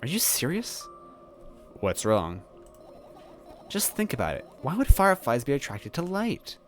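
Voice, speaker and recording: A man plays through a narrative game and reads its lines aloud, his pitch swinging widely as he jokes along. He talks at an ordinary middle height, and soft game music sits faintly behind him. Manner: animated, joking, quick laughs. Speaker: let's play host. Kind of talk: let's play commentary, reading game text aloud.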